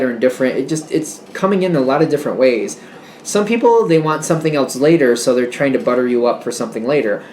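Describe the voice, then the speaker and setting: A man giving a casual tarot reading, rambling and interrupting himself with animated asides. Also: medium pitch, reverberant, slight background noise. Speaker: tarot reader.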